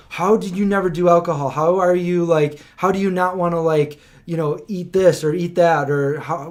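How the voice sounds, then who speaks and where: A man telling a story in a casual podcast chat, rambling and full of fillers. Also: a little high. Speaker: podcast host.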